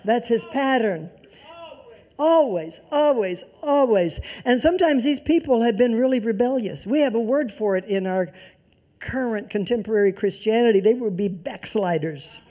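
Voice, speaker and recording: Preacher, mid-pitched, mellow tone, sermon with emphatic repetition and soft asides. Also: animated, normal speed. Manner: emphatic repetition of key phrases; swings between loud emphasis and soft near-whispers.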